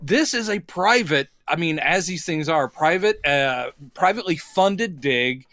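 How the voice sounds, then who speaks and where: A man's voice: a little high, unhurried, no room sound, studio quality. A man co-hosting a podcast, recapping a bad movie with laughter and quoted lines. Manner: animated storyteller, laughs often, acts out quotes. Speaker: podcast co-host. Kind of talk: casual comedic movie recap.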